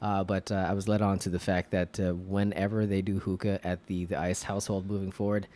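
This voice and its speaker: A man's voice: deep voice, level tone, a little fast, mellow. A man co-hosting a podcast in casual chat, rambling with lots of fillers and restarts. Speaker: podcast co-host.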